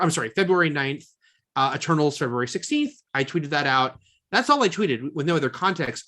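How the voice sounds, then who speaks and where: In a fairly high, pushed and bright voice, a man chats casually as co-host of a film podcast. He rambles a lot and leans heavily on fillers.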